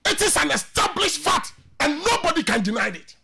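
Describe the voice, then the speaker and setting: Impassioned Ghanaian radio pundit, high lively voice. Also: male voice, brisk, creaky, loud music behind the voice. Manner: impassioned, mixes English with Twi, shouts and sings phrases. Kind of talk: heated radio football talk.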